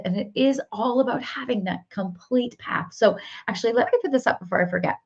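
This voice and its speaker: A woman's voice: fairly high pitch, a little fast, hardly any pauses. A woman business coach leading a live workshop, upbeat and encouraging, repeating phrases for emphasis. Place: home office with whiteboard. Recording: slightly dull lo-fi audio.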